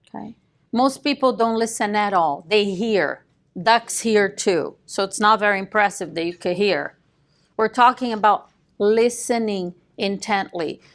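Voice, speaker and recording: A woman coaching a live sales class, emphatic and direct, often quizzing her listeners with quick questions and a dry joke. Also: fairly high pitch. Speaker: real estate sales coach.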